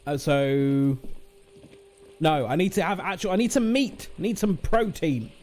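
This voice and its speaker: A man's voice: a little high, a little slow, darkish tone. A British man streaming a game, chatting and joking in a casual, playful way. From Britain. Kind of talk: casual gaming commentary.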